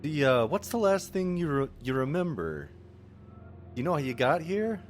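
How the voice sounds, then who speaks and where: A male player speaking in character in a tabletop game, soothing and gently questioning a patient. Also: fairly high pitch, sing-song, moderate pace, soft background music. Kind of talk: in-character tabletop role-play.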